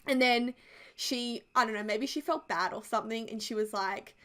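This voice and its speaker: A young woman in her twenties tells a rambling personal story in a casual, chatty way. Her voice sits a little high, and she fills her sentences with "like" as she goes. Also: moderate pace. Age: 20s. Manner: chatty and animated, heavy use of "like". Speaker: video creator. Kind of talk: casual storytelling over a build video.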